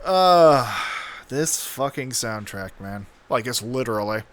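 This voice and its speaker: A man's voice: mid-range voice, lively intonation, measured pace. A man streaming a cartoon watch-along, laughing and swearing as he reacts. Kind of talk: live watch-along commentary. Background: cartoon soundtrack.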